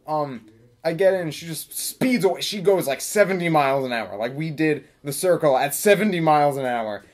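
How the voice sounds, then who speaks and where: A young man telling a story casually, rambling with many fillers and deadpan asides. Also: on the high side, normal speed.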